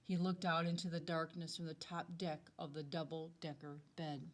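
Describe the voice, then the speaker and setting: A woman, a second-grade teacher, reading a picture book aloud to children in a slow, expressive, dramatic way. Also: low voice, slight background noise.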